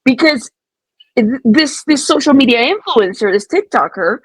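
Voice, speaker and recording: A woman chats on a live stream and asks the viewers for their views. Her voice is a bit high and husky, and the sound is dry and close. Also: expressive, normal speed, no room sound, rough recording. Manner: chatty, addresses viewers directly. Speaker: co-host talking to live chat. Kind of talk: casual live-stream chat.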